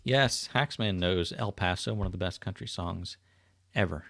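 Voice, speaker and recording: Casting: middle-aged man, livestream host, low gravelly voice, dry close sound, relaxed and chatty. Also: normal speed, dry recording. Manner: chatty, reads out viewer comments. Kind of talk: casual livestream chat. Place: home, indoors. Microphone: webcam setup.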